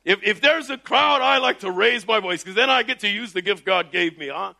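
A man preaching a sermon loudly and emphatically, his voice rising in bursts as he exhorts the congregation. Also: high-pitched, expressive, moderate pace, creaky. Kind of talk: energetic sermon. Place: Texas.

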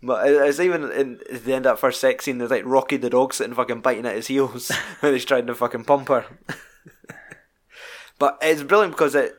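A man's voice: medium pitch, a little fast. A young man in casual film chat as podcast co-host, animatedly retelling scenes with lots of swearing. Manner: animated storytelling, sweary, quoting scenes in put-on voices.

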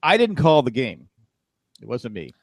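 A man's voice: mid-range voice, wildly swooping pitch, moderate pace, gravelly. A man co-hosting a podcast in casual chat, joking and ranting in mock exasperation. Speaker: podcast co-host.

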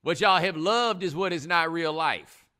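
A man's voice: on the high side, measured pace, clear, resonant tone. A man hosting a live stream, talking casually in slang and acting out other people's words. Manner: animated, slangy, acts out other people in quotes. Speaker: host.

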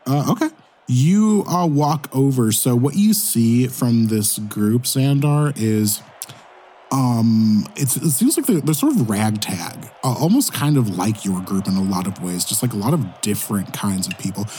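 A man's voice: mid-range voice, expressive, a little slow, warm tone, slight background noise. A man running a tabletop game as game master, describing scenes in a rambling way full of fillers.

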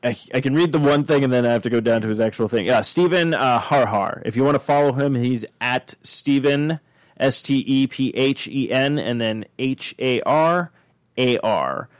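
A man hosting a podcast, chatting casually in a mid-pitched voice. He rambles through his story with many fillers and restarts, acting out what people said. The sound is dry and close. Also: moderate pace, no room sound. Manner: acts out quoted dialogue. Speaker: podcast host.

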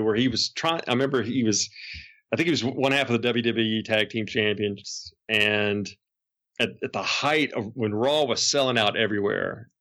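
A man's voice: on the low side, creaky, a bit bright. Guy on a podcast telling old stories, rambly, laughs a lot, restarts his sentences. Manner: rambling, chuckling, many restarts. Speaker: podcast guest. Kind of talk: casual anecdotal storytelling.

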